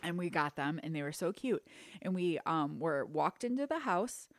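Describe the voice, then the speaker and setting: A woman's voice: low voice, expressive, moderate pace. A young adult woman co-hosting a podcast, chatting casually and acting out quoted lines as she tells a story. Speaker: podcast co-host. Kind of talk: casual chat.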